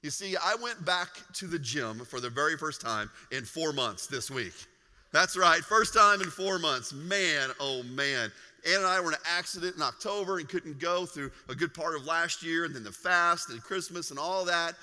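A male pastor giving a sermon, telling a funny personal story in an animated way. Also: a little high, normal speed, big-room sound. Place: large church hall.

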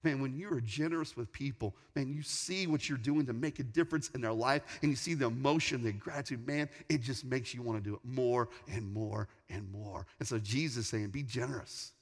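A man in his forties, a pastor, preaching a sermon with animated, emphatic storytelling. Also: medium pitch, fairly quick, hardly any pauses. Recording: long hall reverb.

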